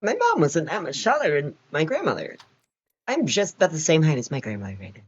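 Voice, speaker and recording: A young man in his late teens with a naturally high voice, chatting casually with a friend on a call and playfully shifting his pitch around. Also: huge pitch swings, a little fast, slightly rough, lo-fi sound. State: dry mouth. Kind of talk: casual chat.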